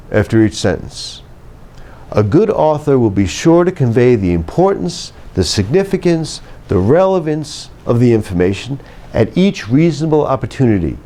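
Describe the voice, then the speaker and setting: A man who teaches writing, delivering a scripted lecture in a measured, emphatic way and dropping his pitch to close each point. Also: warm tone. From United States. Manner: measured, emphatic, drops pitch at phrase ends. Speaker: writing instructor.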